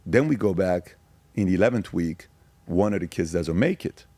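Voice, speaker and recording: A man in his forties from Iran, a podcast guest telling personal stories in an intense, emphatic way with rapid repeated phrases. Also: low-pitched, animated, darkish tone, no room sound. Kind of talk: candid personal storytelling.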